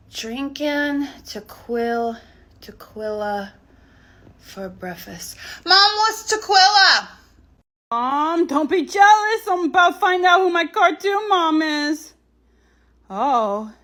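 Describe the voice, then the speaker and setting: A self-important six-year-old with a high, piping voice, played by a woman in a comedy sketch. The kid bosses everyone around and says exactly what they think, with total confidence. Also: a bit bright, heavily acted. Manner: bossy, blunt, self-important. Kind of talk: comedy sketch character monologue.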